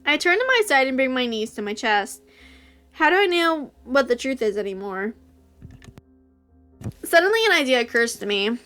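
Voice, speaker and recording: Smooth high-voiced woman reading a story game. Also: big pitch swings, moderate pace, pauses often, fairly bright tone, faint music behind. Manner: squeals and gushes when reacting. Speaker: visual novel reader. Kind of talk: reading a visual novel aloud with reactions.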